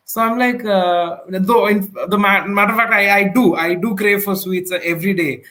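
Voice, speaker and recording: High-voiced man telling an exam story. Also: sharp tone. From India. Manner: halting, many fillers and restarts. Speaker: guest sharing exam experience. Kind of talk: casual storytelling interview.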